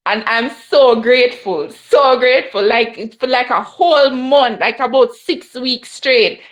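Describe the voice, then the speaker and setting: A woman's voice: a little high, unhurried. A young woman with a Jamaican accent, sharing an emotional personal testimony at a Bible study and mixing patois with English. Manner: mixes Jamaican patois with English, laughs often.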